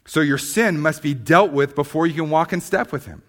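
A man preaching a sermon, swinging from emphatic, rising passages to quiet, slow stresses, often restarting on repeated words. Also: a little high. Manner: emphatic preaching, rising loud then dropping to hushed. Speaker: pastor.

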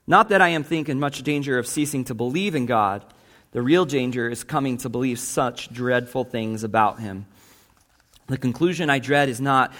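A man's voice: mid-range voice, moderate pace, a bit bright. A male pastor preaching a sermon with earnest delivery, posing rhetorical questions to the congregation and reading long quotations aloud.

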